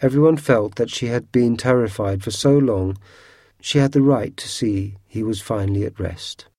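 A man narrating a storybook audiobook in a measured, unhurried way. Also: mid-range voice, darkish tone, no room sound, studio quality.

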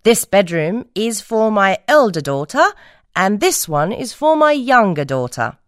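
A woman voicing a cold, bossy middle-aged stepmother in a storybook, slow and commanding. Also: medium pitch, very animated, fairly bright tone, no echo, studio quality, pitched above the performer's own voice.

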